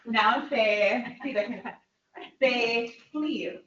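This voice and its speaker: A woman presenting at a training workshop, leading a quick call-and-response drill with her listeners. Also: fairly high pitch, fairly bright tone, a little hiss or hum. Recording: echoey room, distant dull mic.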